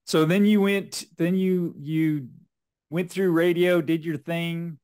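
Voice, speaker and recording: A man's voice: on the high side, fairly even intonation, slow pace, a little mellow, smooth. A man hosting a casual interview, who laughs often and keeps the guest going with short replies. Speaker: podcast host.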